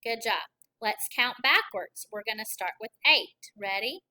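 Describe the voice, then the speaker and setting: A woman teaching a kindergarten lesson, counting aloud slowly and encouraging young children. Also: on the high side, animated, pushed and bright, rough recording. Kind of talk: recorded classroom lesson.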